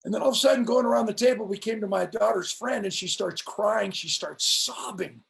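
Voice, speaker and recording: A middle-aged man telling stories as a motivational speaker in an interview, with an emphatic, preacher-like cadence that slows down for punch lines. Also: high-pitched, vocal fry, a bit bright. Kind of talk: storytelling on a live stream interview.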